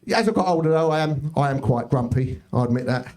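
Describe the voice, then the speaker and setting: A middle-aged man doing a stand-up set in a comedy club, telling stories deadpan with quick asides to the crowd. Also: on the high side.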